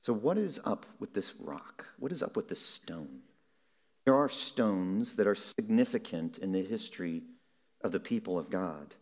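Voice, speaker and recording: A man preaching a sermon in a measured way, slowing down on key words for emphasis. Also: low-pitched, animated, darkish tone.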